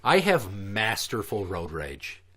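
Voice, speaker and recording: A man's voice: on the low side, big pitch swings, slow pace, pushed and bright. A man co-hosting a podcast, talking bluntly and profanely in casual chat and getting heated as he tells stories. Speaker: podcast co-host.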